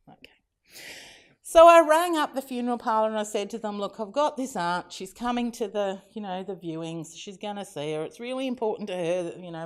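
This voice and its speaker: A middle-aged Australian woman giving a keynote talk, telling funny family anecdotes in a chatty way and acting out the quotes, with frequent laughter. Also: fairly low pitch. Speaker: keynote speaker. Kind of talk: conference keynote storytelling.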